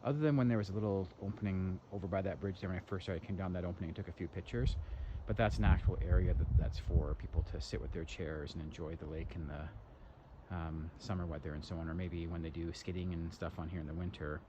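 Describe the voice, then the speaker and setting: A very low-voiced man from Canada rambles casually about what he sees as he walks an outdoor lakeside trail. It is a dull, lo-fi handheld recording. Loud outdoor noise sits under his voice throughout. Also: steady tone, quick pace, hardly any pauses. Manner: rambling, chatty, narrates what he sees while walking. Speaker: hiking vlogger. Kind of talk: casual walking commentary.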